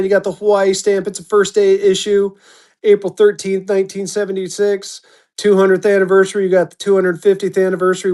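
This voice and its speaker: A man running a live-stream auction, chatty and upbeat, slipping into a quick auctioneer chant, his voice going hoarse. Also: sits high, darkish tone. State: losing his voice.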